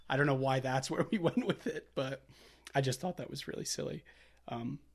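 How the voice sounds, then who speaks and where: A man's voice: medium pitch, moderate pace, vocal fry. A young man co-hosting a film podcast, chatting casually and retelling scenes with quoted lines and laughs. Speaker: podcast co-host. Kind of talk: casual chat.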